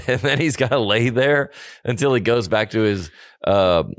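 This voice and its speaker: A man's voice: medium pitch, unhurried, dry recording. A man co-hosting a podcast, ranting animatedly in casual chat and mocking people with put-on quotes. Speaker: podcast co-host.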